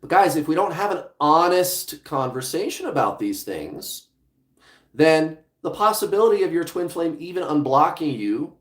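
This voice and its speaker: A man's voice: on the high side, expressive, moderate pace, reverberant. A man hosting a livestream as a relationship coach, speaking bluntly and casually, with some swearing, straight to his viewers.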